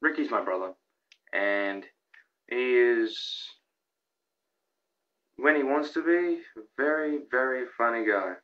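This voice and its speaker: A young man rambling excitedly through a countdown of his own videos, with lots of restarts and fillers. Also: medium pitch, slow pace, long pauses, lo-fi sound, slight background noise. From Australia. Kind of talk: casual vlog commentary.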